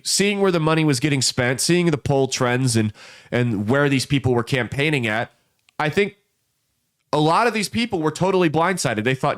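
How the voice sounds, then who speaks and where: A man hosting a political commentary podcast, telling folksy stories and quickly voicing the people in them. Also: a little high, a bit bright. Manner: folksy storytelling with quick voices for people in the anecdotes. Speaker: podcast host.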